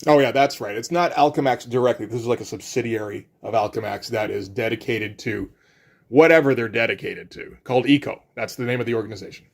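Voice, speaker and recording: A man's voice: mid-range voice, fast, creaky. A middle-aged man giving casual commentary as a comic book reviewer, wry and rambling with offhand asides.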